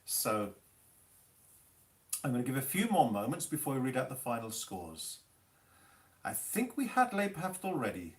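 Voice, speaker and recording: With a mid-range voice and big swings in pitch, a male music teacher leads a live online quiz. He reads Italian terms slowly and teases participants about spelling and the rules.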